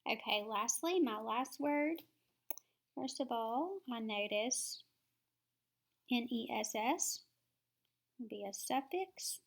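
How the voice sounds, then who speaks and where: A woman teaching phonics, explaining each step slowly and sounding words out syllable by syllable. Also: fairly high pitch, expressive. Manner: slow, deliberate, sounding words out.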